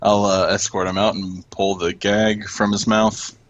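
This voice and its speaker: A man playing a tabletop game, answering calmly and briefly. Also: fairly low pitch, a little slow. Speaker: player. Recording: dull sound, faint keyboard clicks.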